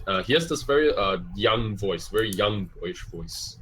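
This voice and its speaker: A man's voice: lowish voice, expressive, normal speed, a bit bright, a little hiss or hum. A man running a tabletop game as game master, narrating scenes in a rambling way with many fillers. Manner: rambling, full of fillers and restarts.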